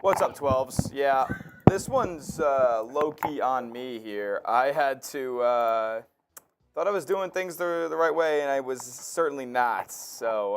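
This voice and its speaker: A man's voice: medium pitch, lively intonation, unhurried, a little hiss or hum. A man co-hosting a live sports stream, chatting casually, laughing and reading out messages from viewers. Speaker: co-host.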